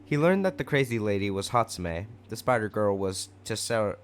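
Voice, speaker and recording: A man's voice: on the low side, expressive, brisk, faint music behind. A man narrating a fanfic story aloud in a casual way with wry asides.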